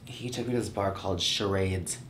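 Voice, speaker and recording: A man's voice: low voice, steady tone, fairly quick, very noisy. A man from upstate New York, a drag queen chatting casually in a playful, campy way while doing makeup.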